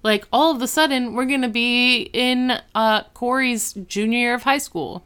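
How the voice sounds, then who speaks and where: A woman's voice: a little high, a little slow, a bit bright, smooth. A young woman co-hosting a podcast, chatting casually and filling her talk with "like" while recapping a TV episode. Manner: chatty, many "like" fillers. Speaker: podcast co-host.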